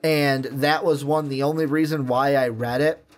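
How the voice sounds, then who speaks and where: A man's voice: medium pitch, fairly even intonation, normal speed. A man co-hosting a casual chat, talking earnestly and emphatically and repeating his points. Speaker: co-host.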